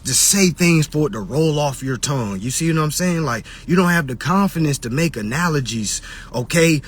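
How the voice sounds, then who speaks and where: A man's voice: on the high side, slightly rough. A man lecturing his live-stream followers in casual, preachy talk, repeating his points and mocking people in put-on voices. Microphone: phone on a live stream.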